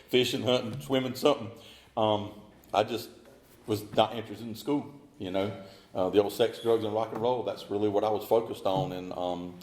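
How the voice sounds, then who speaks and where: A middle-aged man, telling his story as a speaker at a recovery meeting in a folksy, animated way. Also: on the low side, echoey room.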